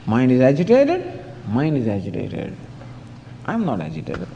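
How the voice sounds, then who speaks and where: A man's voice: mid-range voice, wildly swooping pitch, normal speed, vocal fry, dark tone, a little hiss or hum. A man giving a scriptural discourse as a spiritual teacher, telling stories with chuckles and saying "you know" often. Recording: dull lo-fi recording in a hall.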